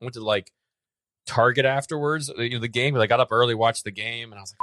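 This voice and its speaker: An American man co-hosts a sports podcast and recounts events with excitable energy, stumbling over repeated words. His voice sits at a middle pitch. The sound is close and dry. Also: fast, no room sound. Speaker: podcast co-host. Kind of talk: casual sports chat.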